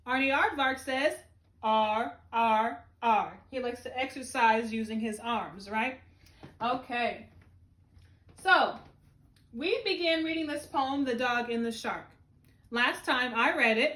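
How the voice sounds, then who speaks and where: Woman teacher, slow and bright-pitched, sing-song encouraging delivery, roomy echo on the recording. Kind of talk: remote phonics lesson for young children.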